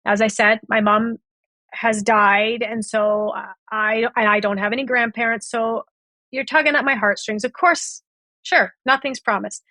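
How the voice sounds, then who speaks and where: A woman's voice: on the high side, fairly even intonation, unhurried, sharp tone, no room sound. A woman guest on a podcast, retelling a past relationship and acting out both sides of the conversations. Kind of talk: storytelling in a podcast interview.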